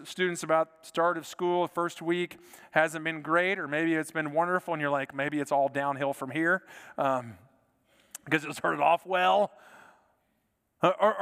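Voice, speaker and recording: Earnest pastor preaching in a reverberant church. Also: male voice, on the high side, clear, resonant tone. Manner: earnest, repeats words, drops to soft quiet lines for emphasis. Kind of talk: sermon.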